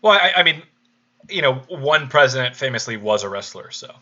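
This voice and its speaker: A man's voice: medium pitch, sing-song, brisk, bright, forceful tone, dull audio. A man co-hosting a live stream podcast, chatting casually with hesitant restarts while running the chat.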